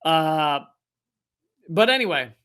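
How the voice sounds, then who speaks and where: A man delivering a comedic political monologue to the camera, sarcastic and profane, full of rambling asides. His voice sits a little high for a man and has a bright, sharp edge. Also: lively intonation, slow, clear, resonant tone. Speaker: host of a political comedy commentary show.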